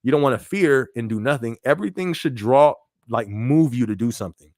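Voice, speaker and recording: In clean studio sound with no echo, a podcast host with a medium, somewhat dark voice talks fairly quickly and expressively. He keeps his live-stream chat casual, repeating himself and often checking in with "you know what I mean."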